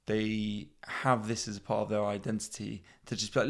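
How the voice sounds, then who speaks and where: A man's voice: lowish voice, little pitch movement, moderate pace, vocal fry, hardly any pauses. A man in his thirties hosting a comedy podcast, rambling in a self-mocking way and swearing freely. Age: 30s. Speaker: podcast host. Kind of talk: casual comedic monologue.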